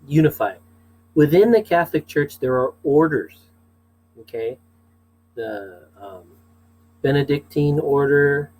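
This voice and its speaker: A man's voice: fairly high pitch, darkish tone, rough recording. Chatty male teacher lecturing. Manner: chatty, asides and fillers, checks in with "okay?". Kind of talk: casual classroom lecture.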